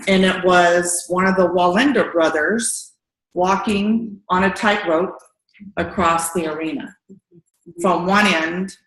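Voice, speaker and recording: A middle-aged woman giving an earnest testimonial at a training meeting, telling her story lively and acting out quotes. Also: fairly low pitch, slow pace. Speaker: distributor sharing a story. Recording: echoey room.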